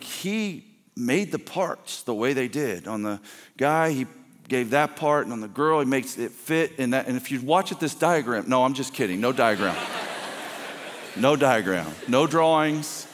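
A man preaching a conversational, intense sermon as a guest pastor, full of quick restarts. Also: medium pitch, in a large hall.

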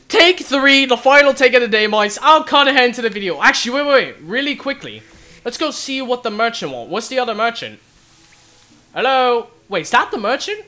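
A young man narrates his game run in a high, bright voice that leaps up and down with excitement. He exclaims and shouts often as he plays, over faint background music. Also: a little fast. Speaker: gaming video host.

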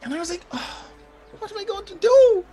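Frantic woman poison seller, tabletop game, high shaky pleading voice, swooping pitch, faint music behind. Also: animated, fairly quick, dark tone. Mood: panicked pleading. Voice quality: high pleading voice, low whispered threats.

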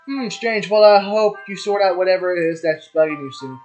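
A man reading the lines of a polite, reserved teenage schoolgirl in a visual novel, in a measured way. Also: high-pitched, voice pushed up, natural voice. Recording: dull lo-fi audio with soft music.

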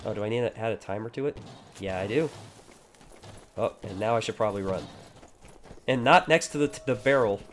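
A man's voice: lowish voice, fairly quick, pauses often, a little hiss or hum. A man giving casual, sarcastic gameplay commentary with jokey asides. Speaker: gaming YouTuber.

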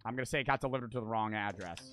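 A man's voice: lowish voice, rapid-fire, music in the background. A young man streaming a game, muttering offhand comments and swearing casually.

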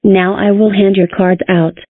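A woman's voice: medium pitch, flat delivery, a little slow, slightly rough, dry recording. Female synthetic voice as a stern teacher. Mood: instructing. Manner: stern, scolding. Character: strict female schoolteacher. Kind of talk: text-to-speech cartoon voice. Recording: tinny phone-like sound.

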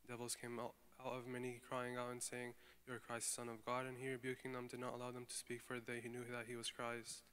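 Male scripture reader, clear smooth tone, level delivery. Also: medium pitch. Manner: rapid, even reading with small slips. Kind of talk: scripture reading.

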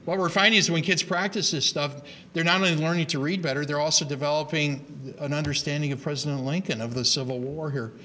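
A man's voice: on the high side, fast. A middle-aged man giving an emphatic lecture on teaching reading to a live audience, often restarting his words. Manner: animated, emphatic, with many repeated starts. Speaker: reading education speaker.

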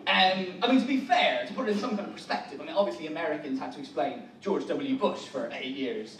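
Wry Irish comedian in an echoey hall. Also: male voice, fairly high pitch, expressive, fast, crowd noise. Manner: wry, rambling, self-correcting. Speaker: stand-up comedian. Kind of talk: stand-up comedy set. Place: large hotel conference hall. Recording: echoey hall, distant mic, noisy.

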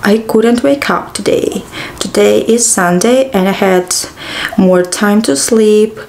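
A woman's voice: mid-range voice, slow, creaky, a little mellow, a little hiss or hum. A tired woman in her thirties chatting casually to camera, rambling with sighs and exclamations. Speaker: vlogger.

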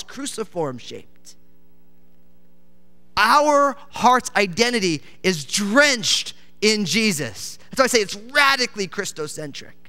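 Male pastor, passionate emphatic sermon delivery, smooth resonant tone, church hall echo. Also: high voice. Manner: passionate, emphatic preaching with swings from loud to hushed. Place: church sanctuary. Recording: long hall reverb.

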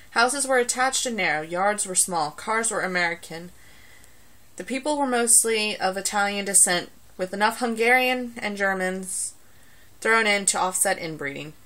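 A young woman vlogger with a Southern US accent chats and jokes into a phone during an accent-challenge video. Her voice is medium-pitched at a normal speed, and she's chatty, with animated outbursts.

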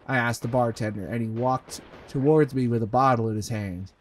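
Over gameplay, a let's play host gives a comedic dramatic reading of a fanfiction, mocking it and deadpanning every punctuation mark. His voice is medium-pitched, and he reads briskly with few pauses.

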